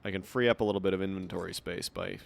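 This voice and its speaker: A man's voice: deep voice, fairly even intonation, quick pace, gravelly. A man streaming a game, chatting casually and reading in-game notes aloud in a rambling way. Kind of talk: casual gameplay commentary.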